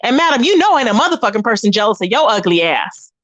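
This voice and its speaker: A woman's voice: fairly high pitch, big pitch swings, quick pace, fairly bright tone, dry recording. A woman hosting a livestream, ranting with profane, scornful trash talk and sassy asides to her viewers. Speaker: livestream host.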